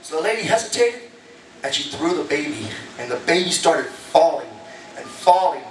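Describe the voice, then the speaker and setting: A man's voice: on the high side, big pitch swings, normal speed, distant mic, a little hiss or hum. A male stand-up comedian performing a casual, chatty set and bantering with a live audience on a comedy club stage. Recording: echoey club recorded from afar.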